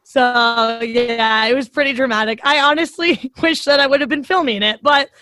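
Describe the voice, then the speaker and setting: A young woman co-hosting a casual chat, telling animated stories with frequent laughter and casual swearing. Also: on the high side, moderate pace, dry recording.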